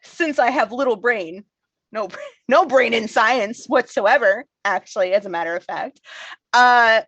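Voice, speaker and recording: Woman, tabletop player, playful and giggly, high voice, dry close sound. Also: unhurried, fairly bright tone, dry recording, lo-fi sound. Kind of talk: casual tabletop role-play.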